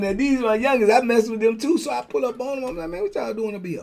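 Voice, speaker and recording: With a very high, creaky voice, this older man talks fast and barely pauses as he tells a prison story in laid-back slang. As host, he animatedly performs the voices of the story's characters.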